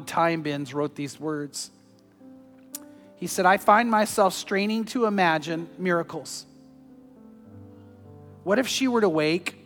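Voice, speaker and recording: A man preaching a sermon, telling a story earnestly and moving between loud urging and hushed, tender passages. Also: high-pitched, long reverb tail. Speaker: pastor.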